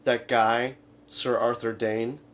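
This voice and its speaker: A man co-hosting a comedic radio talk show, retelling scenes in a rambling, halting way full of fillers. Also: medium pitch, little pitch movement. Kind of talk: casual comedic chat.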